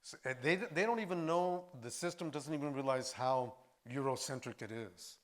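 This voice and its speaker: An older actor and filmmaker, a man, telling stories in a lively way at a post-screening discussion, acting out voices as he goes. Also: mid-range voice, moderate pace. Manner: animated storyteller, acts out voices. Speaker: actor and filmmaker, interview guest.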